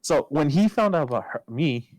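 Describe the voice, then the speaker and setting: A man's voice: on the high side, animated, moderate pace, no room sound, poor audio. A man telling a personal story in casual podcast chat, swearing often and acting out his own past lines. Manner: swears a lot, quotes himself loudly.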